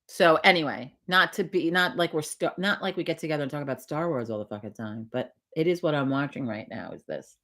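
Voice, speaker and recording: A woman's voice: deep voice, expressive, a little fast, few pauses, a bit bright. A woman hosting a casual morning livestream, chatting with viewers in a rambling, profane way. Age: older. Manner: chatty and profane, laughs often. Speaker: livestream host.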